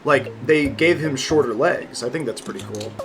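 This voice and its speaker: A man's voice: mid-range voice, moderate pace, music in the background. A young man in his twenties chatting casually as a vlogger, rambling and joking with lots of fillers and swearing. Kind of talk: casual chat.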